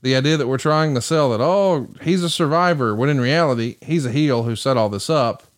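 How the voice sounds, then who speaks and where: A man hosting a podcast, briskly recapping match results and then asking his co-host questions. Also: mid-range voice, no echo. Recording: dry close mic.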